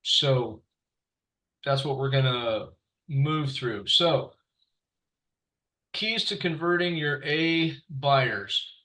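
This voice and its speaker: A man teaching real estate agents on a video call, speaking slowly and unhurriedly. He talks in a halting way, with many fillers and restarts, at an everyday middle pitch. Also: bright, forceful tone, low-quality recording. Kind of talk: online training session.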